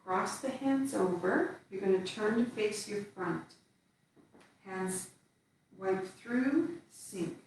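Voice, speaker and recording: A woman teaching a qigong form, calmly cueing each step as she moves through it. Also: medium pitch, slow, slight background noise. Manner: calm step-by-step cueing while moving. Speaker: qigong instructor. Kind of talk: guided movement class. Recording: echoey room from far off.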